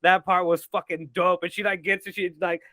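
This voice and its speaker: A man with a high voice, recorded close and dry, who talks through a movie review in a loose, profane way. He piles up "like" as a filler and laughs often as he goes. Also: flat delivery, brisk, a bit bright, no room sound. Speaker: film review co-host. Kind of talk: casual chat.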